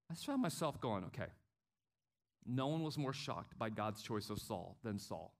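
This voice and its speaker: Animated man preaching a sermon. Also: fairly low pitch, moderate pace. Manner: animated, acts out quotes with swings in loudness. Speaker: pastor.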